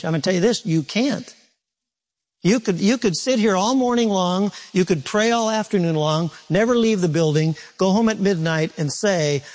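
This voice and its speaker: A man's voice: high-pitched, normal speed. A male pastor preaching a sermon in a church, conversational and self-deprecating, often restarting his sentences.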